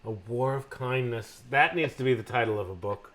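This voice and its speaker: A woman's voice: rumbling low, moderate pace. A woman from New York, a guest in a casual chat, tossing off dry, wry quips. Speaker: podcast guest.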